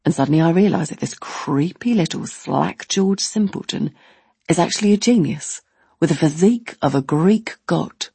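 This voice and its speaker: A woman doing stand-up storytelling, animated and sweary, full of exaggeration. Her voice is low and husky. The sound is dry and close. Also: moderate pace, dry recording. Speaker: comedian.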